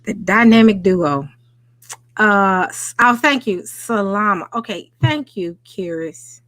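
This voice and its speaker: A woman with a Southern US accent hosting a casual livestream, excitable and chatty though tired after a workday. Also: fairly high pitch, dry recording. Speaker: livestream host. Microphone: home microphone.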